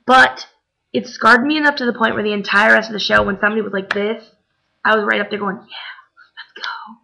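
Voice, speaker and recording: Tired young woman rambling, gravelly. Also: medium pitch, steady tone, fast, bright, forceful tone. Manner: chatty, rambling, lots of "like" and "um". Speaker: vlogger. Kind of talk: casual chat. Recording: dull lo-fi webcam recording.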